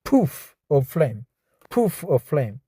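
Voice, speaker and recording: Slow Korean-accented man drilling English phrases. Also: a little high, sing-song, mellow, slightly rough, dry recording, studio quality. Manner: slow, repeats words and phrases over and over to drill them; stumbles and self-corrects mid-word. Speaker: English learner practicing reading aloud. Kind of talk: reading practice with self-commentary.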